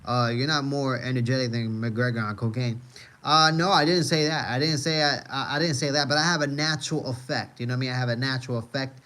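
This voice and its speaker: A man at an ordinary middle pitch chats on a live stream, reading messages aloud. He rambles, repeats himself, leans on filler words and swears freely in a relaxed, joking tone. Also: quick pace. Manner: rambling, heavy on "uh" and "you know what I mean"; laid-back, profane, joking. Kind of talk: casual live-stream chat.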